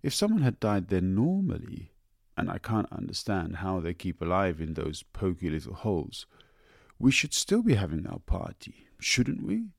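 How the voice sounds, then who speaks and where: Man playing a breezy upper-class mother, pitched high and lilting, husky. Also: big pitch swings, measured pace, a little mellow, dry recording, studio quality, heavily acted. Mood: airy.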